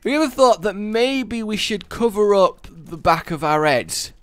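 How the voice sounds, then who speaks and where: A man's voice: high voice, expressive, normal speed, smooth, dry recording, faint music behind, voice pushed up. A man voicing an earnest male zombie enemy, talking in a raised, eager, persuasive way.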